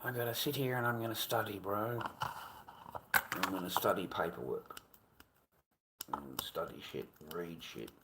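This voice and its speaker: A man's voice: low-pitched, moderate pace, long pauses, background noise. An Australian man in a casual livestream rant who swears and keeps repeating himself in an aggrieved way.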